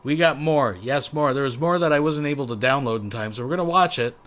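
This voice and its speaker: A man's voice: mid-range voice, fast, a bit bright. Male commentary host, profane and rambling, sarcastic, medium voice. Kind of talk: casual reaction commentary.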